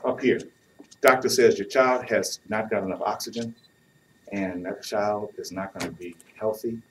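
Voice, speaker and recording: A man's voice: on the low side, steady tone, normal speed. A man giving a youth talk on marriage, playful and acting out what couples say, with a live audience. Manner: playful, acts out couples' lines with audience laughter. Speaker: youth speaker. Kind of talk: sermon. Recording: distant mic with faint noise.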